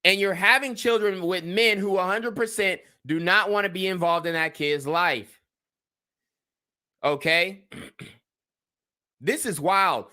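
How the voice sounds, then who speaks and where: A man's voice: high-pitched, slow, long pauses, bright, forceful tone. A man hosting his own commentary channel, reacting to a clip and lecturing his viewers in a blunt, profane way. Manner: blunt, profane, lectures the viewers and asks them to vote in a poll.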